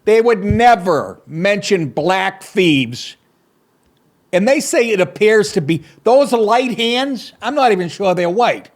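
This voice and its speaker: A man's voice: sits high, animated, takes it slowly. A middle-aged man hosting a comedy podcast, reading news stories aloud and breaking off into profane, sarcastic asides.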